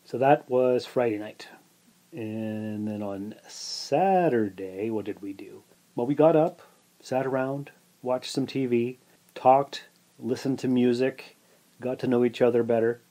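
A man's voice: medium pitch, measured pace, dark tone. A man hosting his own podcast, casually telling a rambling story full of asides and filler words. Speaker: podcast host.

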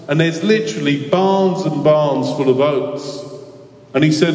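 An earnest man speaking at mid pitch, telling stories to a school assembly with a joking edge. His voice reaches the mic from a distance and rings through a large hall with a long reverb. The sound is roomy and diffuse. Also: moderate pace, a little mellow. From London, England. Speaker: guest speaker. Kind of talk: inspirational talk with storytelling. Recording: echoey hall from far off.

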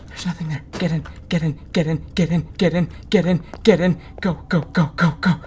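A man's voice: a little high, fairly even intonation, a little fast, darkish tone, slight background noise. Jumpy, swearing man playing a horror game. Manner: jumpy, swears a lot, panicky muttering. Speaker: gaming YouTuber. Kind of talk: horror game let's play commentary.

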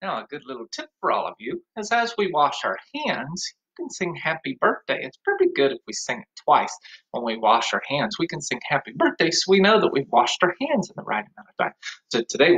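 A man's voice: mid-range voice, fairly bright tone, rough recording. A man teaching an online music class to young children, talking cheerfully and singing along with a ukulele.

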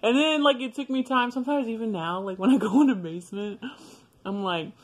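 A woman's voice: mid-range voice, fairly quick. A young woman vlogger telling a casual, blunt and profane story about herself and laughing often.

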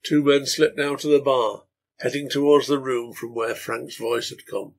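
Gravelly, husky male storyteller. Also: medium pitch, fairly even intonation, normal speed. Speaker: reader of a translated serial novel. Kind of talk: reading a novel aloud.

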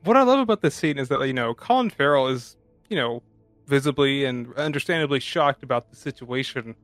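A man's voice: medium pitch, lively intonation, a little fast, fairly bright tone, no echo, soft background music. A man co-hosting a casual movie podcast, throwing in wisecracks. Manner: wisecracking quips. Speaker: podcast co-host. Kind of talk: casual movie review chat.

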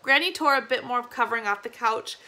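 A woman teacher reads a novel aloud, chapter by chapter. Her voice is bright and sits a touch high. She keeps a steady pace and corrects small slips as she goes. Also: fast talker.

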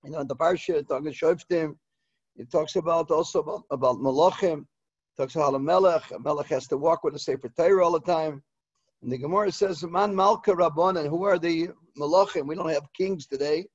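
Older rabbi, eulogy sermon; halting, repeats himself; slightly high voice, dull dry recording. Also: male voice, breathy edge, no echo. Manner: halting, repeats words, mixes in Hebrew and Yiddish terms. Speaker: rosh yeshiva giving a eulogy.

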